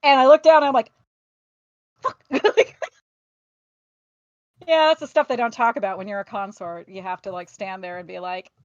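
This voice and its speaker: A woman's voice: mid-range voice, normal speed, long pauses, dry recording, highs cut off. A woman hosting a casual chat, talking frankly and acting out quoted lines with frequent laughs. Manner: lively, frank, laughs often, acts out quotes. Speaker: podcast host.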